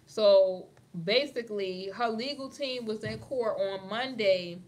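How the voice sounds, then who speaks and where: A woman's voice: mid-range voice, slow. A woman hosting a casual celebrity gossip livestream, chatty and calling her viewers "honey" as she reads their comments. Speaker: livestream host. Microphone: phone or webcam on a live stream.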